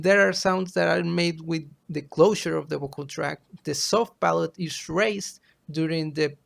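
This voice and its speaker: A man giving a class presentation as a student, reading from his slides in a halting way. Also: on the high side, creaky.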